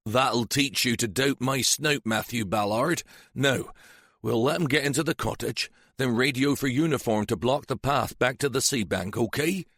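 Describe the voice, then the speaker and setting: A man's voice: medium pitch, moderate pace, fairly bright tone, no room sound, studio quality, voice pushed up. A man voicing a shrewd, sly older police sergeant, teasing and relishing menace. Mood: eager.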